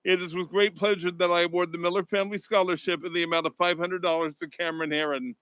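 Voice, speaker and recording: A man's voice: high-pitched, flat delivery, fast talker, a bit bright, a little hiss or hum, low-quality recording. A man formally presenting a scholarship award at a graduation ceremony, reading prepared remarks.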